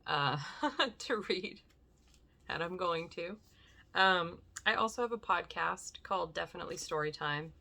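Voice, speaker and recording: A woman's voice: low voice, fairly bright tone. A woman reading a classic novel aloud and then chatting casually, hesitant with fillers. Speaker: audiobook reader and podcast host. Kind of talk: audiobook narration then casual chat.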